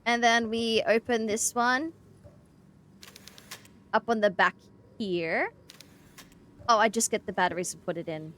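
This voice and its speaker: A young Australian woman streaming a horror game, chatting excitedly with her viewers. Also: on the high side, unhurried, pauses often, slight background noise. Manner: chatty, excitable, greets chat. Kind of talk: casual gameplay stream chat.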